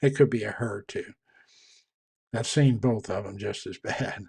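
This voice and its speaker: A man's voice: fairly low pitch, unhurried, gravelly, darkish tone, slightly rough. A man giving a conversational, explanatory talk on trust and leadership, with frequent restarts. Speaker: trainer on communication and leadership.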